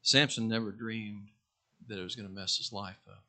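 A male pastor preaching a sermon, swinging from loud declarations to hushed asides and acting out quotes. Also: on the low side, fairly even intonation, normal speed.

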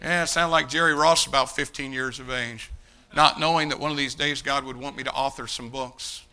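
A man's voice: mid-range voice, steady tone, fairly quick, pushed and bright, smooth. A man preaching a sermon, emphatic, calling out to the congregation and addressing people by name. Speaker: pastor.

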